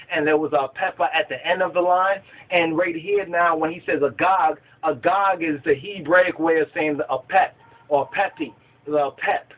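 A man leading a Bible study who reads verses aloud and keeps asking his listeners whether they understand. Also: high-pitched. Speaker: scripture study teacher. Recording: tinny phone-like line.

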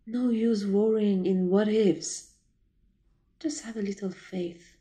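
A woman playing a calm, teasing colleague. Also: mid-range voice, takes it slowly, natural voice. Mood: reassuring. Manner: calm, wry, reassuring. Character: calm, teasing female colleague, steady and reassuring. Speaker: voice actor.

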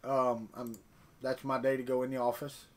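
Reading chat during his morning stream, the middle-aged 3D printing vlogger chats casually and wanders through folksy tales in a level, medium-pitched voice at a moderate pace.

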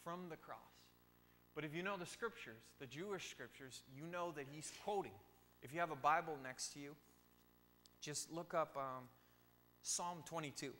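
A man with a slightly high, bright, and forceful voice gives a casual youth sermon at a moderate pace in a church sanctuary, speaking informally and tossing in joking asides. The recording has a long church reverb and a faint hum.

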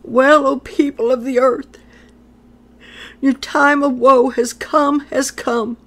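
Slow, solemn woman delivering a prophecy. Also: sits high, steady tone, fairly bright tone. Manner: slow, solemn and declamatory with repeated phrases. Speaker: prophetic speaker.

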